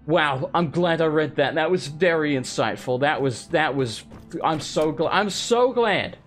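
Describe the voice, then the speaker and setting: A man, streaming a live let's play with excitable, sweary commentary and jumpy reactions to the game. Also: fairly high pitch, moderate pace, faint music behind. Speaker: gaming streamer.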